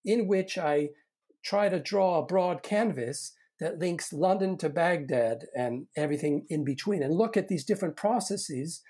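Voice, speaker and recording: A middle-aged historian giving a long, measured answer in an academic discussion, restarting phrases as he goes. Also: medium pitch, darkish tone, husky. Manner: measured, lecturing with frequent restarts.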